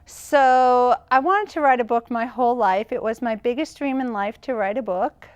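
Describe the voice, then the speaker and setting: Boston lady on a talk show, smooth clear voice, kinda high, earnest. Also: moderate pace, lo-fi sound. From Boston, Massachusetts. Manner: earnest, emphatic, faith-filled storytelling. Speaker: guest, evangelist. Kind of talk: casual interview chat.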